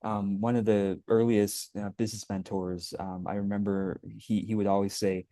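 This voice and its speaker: A man in a casual interview, affirming and soft-spoken, talking with small fillers. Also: lowish voice, little pitch movement, moderate pace, dry recording. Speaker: guest and productivity teacher.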